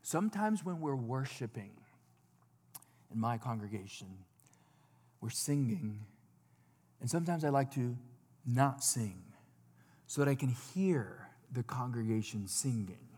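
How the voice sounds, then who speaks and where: A man's voice: medium pitch, lively intonation, measured pace, pauses often. Dynamic preaching man in a reverberant hall. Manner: dynamic, swinging between loud exclamations and hushed asides. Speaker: pastor. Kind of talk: sermon. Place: church sanctuary.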